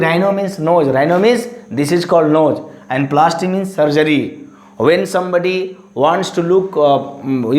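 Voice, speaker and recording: A man teaching a lesson, halting and full of fillers and restarts. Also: a little high. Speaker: English teacher. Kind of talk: classroom-style lesson. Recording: echoey room.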